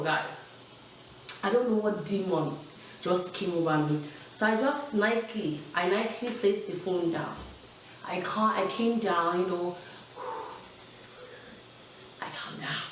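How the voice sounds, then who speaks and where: A young adult woman telling a personal storytime in a casual, animated way, full of fillers and asides. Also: fairly low pitch, a little slow, pauses often, distant mic, slight background noise. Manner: chatty, animated, lots of fillers. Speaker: vlogger. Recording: very echoey room, mic set back.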